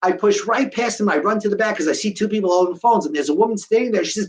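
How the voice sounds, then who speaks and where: New guy telling his story to a crowd, acts out all the back and forth, voice a bit high. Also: rapid-fire. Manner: animated, acts out each quoted exchange. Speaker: guest speaker. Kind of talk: live storytelling talk to an audience.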